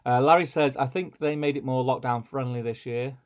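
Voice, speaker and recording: A man's voice: mid-range voice, fairly even intonation, a little fast. A man co-hosting a live stream, reading viewer comments aloud and chatting with a laugh. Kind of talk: casual live-stream chat. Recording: dull lo-fi stream audio.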